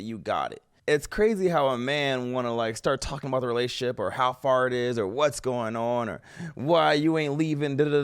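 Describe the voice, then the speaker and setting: A man giving casual, animated reaction commentary as a streamer, slangy and swearing freely. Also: medium pitch.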